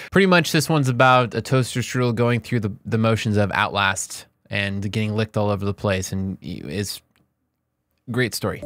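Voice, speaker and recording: A man reads viewer comments straight off the screen for his channel. Between comments he slips into playful, mock-outraged asides. A music bed runs clearly underneath. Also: mid-range voice. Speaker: YouTuber reading viewer comments. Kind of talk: reading comments aloud with joking asides. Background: background music.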